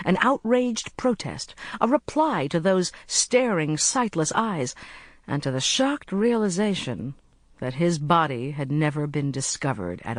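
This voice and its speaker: Audiobook narrator, mystery reading, measured, slows for suspense, mid pitch, dry close mic. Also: dry recording. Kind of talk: scripted narration.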